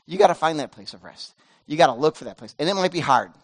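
A pastor in his fifties delivers a sermon in a relaxed, conversational way. His voice sits high for a man, and he moves from loud, pleading passages to quiet, hushed ones. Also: fast. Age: 50s. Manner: casual, earnest preaching that swings between loud pleading and hushed softness.

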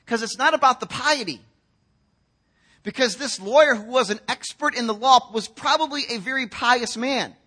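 A middle-aged man preaches from the pulpit in a high, bright voice. He is earnest and openly emotional, weaving personal stories into the sermon. He slips into quoted asides to act out what others say. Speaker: pastor.

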